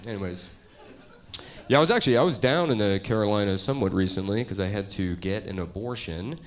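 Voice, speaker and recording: A man doing a stand-up comedy set on stage before a live audience, talking in a crude, deadpan way and slipping into mocking voices. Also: on the low side, brisk, background noise.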